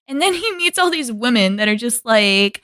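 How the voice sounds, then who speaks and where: A young adult woman, co-hosting a casual podcast chat, animated and laughing as she acts out quotes from a show. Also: fairly high pitch, normal speed, no echo, clean studio sound. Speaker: podcast co-host.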